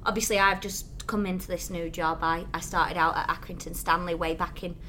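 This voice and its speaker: A woman's voice: lowish voice, fairly even intonation, a little fast, sharp tone, slight background noise. A young woman with a Lancashire accent, a sports reporter chatting and teasing on a podcast. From Lancashire, England. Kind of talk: casual chat.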